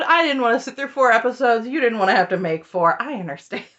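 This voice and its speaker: A woman in her thirties delivers an opinionated TV recap with a lively voice that swoops up and down. She sounds sarcastic and exasperated, and she laughs often as she talks. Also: a little high, fast talker, hardly any pauses, lo-fi sound. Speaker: reality TV recap YouTuber.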